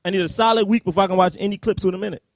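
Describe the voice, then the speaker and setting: A man co-hosting a live podcast discussion of a film, talking in an animated, rambling way with many fillers and laughs. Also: high voice, racing, gravelly, dry recording. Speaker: podcast co-host. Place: live event at a university.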